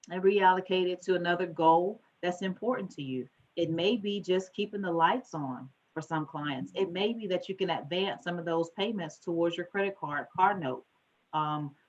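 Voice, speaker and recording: A woman financial advisor giving an animated conference talk, speeding up when she gets excited. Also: on the low side, lo-fi sound.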